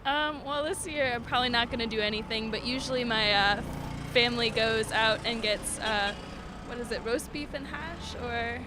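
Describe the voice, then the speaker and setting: A woman's voice: on the high side, moderate pace. A young woman answering a street interviewer outdoors, hesitant and searching for words. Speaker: passerby interviewee. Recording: street noise behind.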